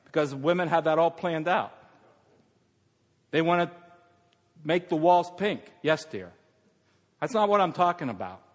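An older man preaching a sermon as pastor, moving from hushed, tender lines to loud, emphatic ones. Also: on the high side, expressive, moderate pace, pauses often. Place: church sanctuary. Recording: long reverb of a church hall.

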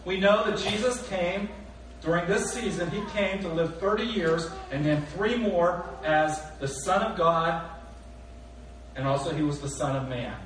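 A man preaching a sermon, his voice a touch higher than most, with animated rhetorical questions and voices for the people in the story. The sound is heavily echoey and picked up from a distance, with a faint noise underneath. It reads like a church recording. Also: unhurried. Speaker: pastor. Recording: echoey hall recorded from far off.

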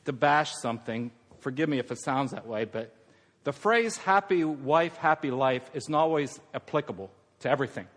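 An older man preaching a sermon as pastor, moving from hushed, tender lines to loud, emphatic ones. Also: fairly high pitch. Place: church sanctuary. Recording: long reverb of a church hall.

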